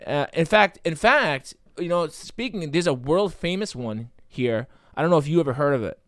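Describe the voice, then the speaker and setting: A man's voice: fairly high pitch, moderate pace, dry recording, studio quality. A man co-hosting a podcast, telling rambling stories in casual chat with lots of fillers. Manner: rambling, animated storyteller with many fillers. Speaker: podcast co-host.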